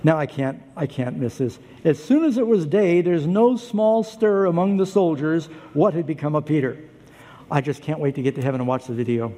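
Male pastor, sermon delivery, animated storyteller, mellow tone, long hall reverb. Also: normal speed. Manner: animated storytelling, acts out voices, pitch jumps up for emphasis.

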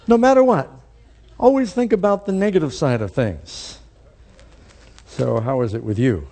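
A male pastor delivering a sermon in an animated preaching manner that rises to emphatic peaks. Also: medium pitch, moderate pace, long pauses.

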